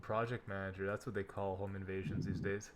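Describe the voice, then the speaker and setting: A man's voice: low voice, level tone, brisk, very noisy. A young man hosting a crypto livestream, trading laid-back jokes in casual banter. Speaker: crypto streamer, host. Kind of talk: casual stream chat.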